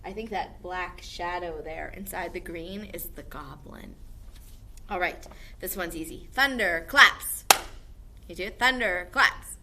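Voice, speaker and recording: A woman music teacher leading an online music lesson for young children, with an animated sing-song manner. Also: lowish voice, a little slow, pauses often. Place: indoor classroom.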